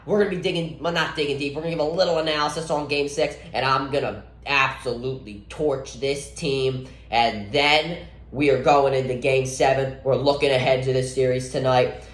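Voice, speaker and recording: A man's voice: mid-range voice, fairly even intonation, normal speed. A man with a voice that cracks, giving an exasperated, ranting sports analysis vlog where he scolds players directly. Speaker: sports vlogger. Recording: roomy echo.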